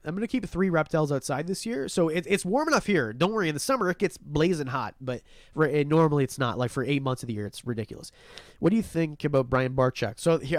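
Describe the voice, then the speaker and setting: A man's voice: medium pitch, dry recording. Chatty Canadian man, dry close sound. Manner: rambling, reading chat and thanking viewers. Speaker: livestream host. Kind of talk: casual livestream chat. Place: warm room under a heat lamp.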